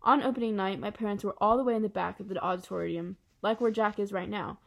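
An eager, talkative schoolgirl, as a woman reading aloud puts her on, gushing and emphatic, keen to be helpful. Her lines lean slightly brighter and louder than the narration around them. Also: mid-range voice, fairly even intonation, fast, vocal fry. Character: chatty, bubbly schoolgirl, eager to please. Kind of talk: audiobook character reading.

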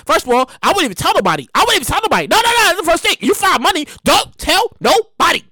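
A woman giving comedic commentary, animated and incredulous, exclaiming and laughing. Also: very high-pitched, fast talker, hardly any pauses, no room sound.

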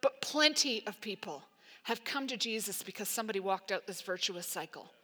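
A woman pastor preaching a sermon in an emphatic, conversational way, full of "like" and quick asides. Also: mid-range voice, lively intonation, sharp tone.

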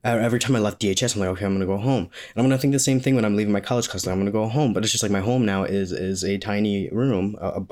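Racing along with hardly any pauses, a young adult vlogger from Maine, US, talks in a lowish, darkish voice. His casual question-and-answer video is rambling and jokey, punctuated by frequent laughter.

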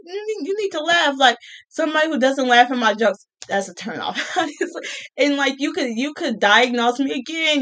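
A woman's voice: fairly high pitch, a bit bright. A young adult woman talking casually to camera, joking, laughing often and repeating her phrases. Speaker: vlogger.

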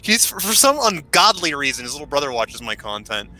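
A man's voice: a little high, big pitch swings, fairly quick, bright, forceful tone, poor audio. A man who is a podcast guest, talking in a rambling, self-deprecating way with lots of fillers. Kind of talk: casual podcast chat.

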